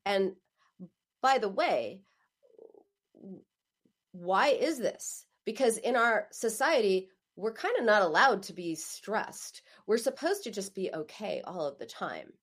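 A woman speaking as an author giving advice, emphatic and animated, often acting out quoted phrases. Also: medium pitch, slow. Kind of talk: spoken advice monologue.

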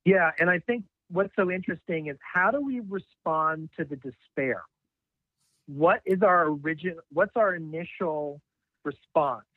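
A man's voice: a little high, dry recording. A male guest on a live talk who speaks reflectively and asks rhetorical questions. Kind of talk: conversational discussion. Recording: tinny dry phone-like line.

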